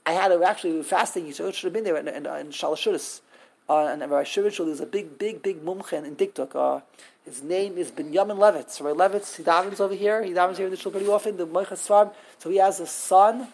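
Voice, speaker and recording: A woman's voice: lowish voice, darkish tone. A woman teaching a text study class, explaining grammar and sounding out words syllable by syllable. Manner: explanatory, sounds out syllables slowly, frequent restarts.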